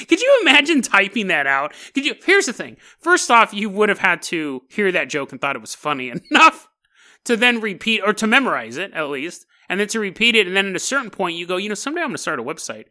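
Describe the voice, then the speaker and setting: A man hosts a podcast alone, riffing in a loose comedic monologue. His voice is bright and lively, swinging widely up and down, and he breaks into chuckles mid-sentence while picking things apart with dry wit. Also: sits high, fairly quick. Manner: animated, wry, laughs often mid-sentence. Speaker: podcast host.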